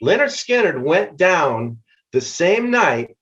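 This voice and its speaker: An older man with a fairly high voice spins a rambling road story as a guest, breaking into laughter between sentences. The sound is dull and lo-fi. He talks casually and animatedly. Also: big pitch swings, slow, fairly bright tone. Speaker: guest musician.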